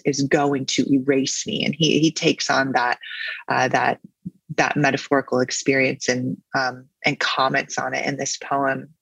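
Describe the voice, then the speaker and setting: A man with a gravelly, fry-laden voice talks through a poem in a thoughtful, musing way, like a podcast host. The sound is close and dry, with no room echo. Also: medium pitch, a bit bright. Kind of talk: poetry commentary and reading aloud.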